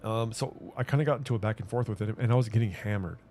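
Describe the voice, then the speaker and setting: A man's voice: on the low side, quick pace, mellow, faint music behind. A man streaming a game, chatting casually in a rambling, hesitant way with many restarts and fillers. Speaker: gaming streamer. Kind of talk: casual rambling chat while gaming.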